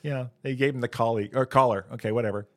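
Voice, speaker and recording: A man co-hosting a comedy podcast who tells long setup jokes and drops quick puns in casual banter. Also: mid-range voice, steady tone, dry recording. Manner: joke-teller with punny quips. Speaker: podcast co-host. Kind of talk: casual comedic joke-telling.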